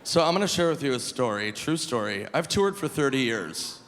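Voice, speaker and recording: A male stand-up comedian performing live on stage, animated and shouting his punchlines high. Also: moderate pace. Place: large live comedy venue. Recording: live hall with long reverb, faint crowd ambience.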